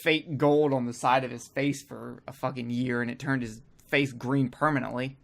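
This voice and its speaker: Man, podcast co-host, casual banter, crude jokes, middle pitch. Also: fairly even intonation, moderate pace, gravelly. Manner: crude joking, rambling with restarts.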